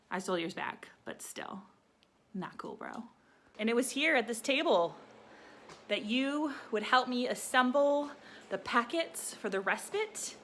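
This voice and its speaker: Woman telling camp stories, giggly and chatty, lots of likes, mid pitch. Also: fairly bright tone, slight background noise. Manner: laughs often, chatty with many likes. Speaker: camp staff member giving a tribute. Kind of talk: casual heartfelt reminiscing.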